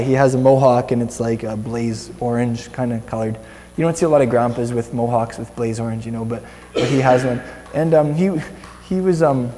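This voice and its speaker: A man's voice: medium pitch, mellow, big-room sound, slight background noise. A young Canadian man giving informal Bible teaching to a small group, chatty and rambling, with many restarts.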